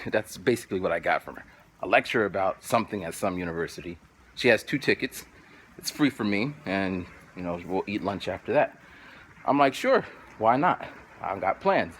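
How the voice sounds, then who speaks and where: Animated man telling a story outdoors. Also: lowish voice, moderate pace, long pauses, slight background noise. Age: 40s. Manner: animated anecdote telling, acts out quotes, repeats "so then". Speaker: vlogger. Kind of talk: casual storytelling to camera.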